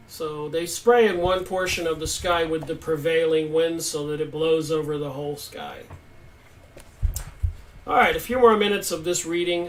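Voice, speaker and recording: High-voiced man hosting a live stream. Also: slight background noise. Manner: emphatic, reads viewer comments aloud and answers them. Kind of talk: casual live stream commentary. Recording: voice distant from the mic.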